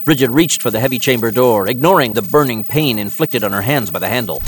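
A man narrating an audiobook in a steady, dramatic storytelling manner. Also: mid-range voice, fast, hardly any pauses, over music.

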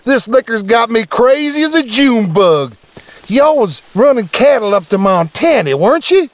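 A man's voice: very high-pitched, big pitch swings, normal speed, voice pushed up. A man voicing a drunk, jittery frontier man with a drawl, slurring and nervous, in an audiobook. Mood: drunk, agitated. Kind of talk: audiobook character voice.

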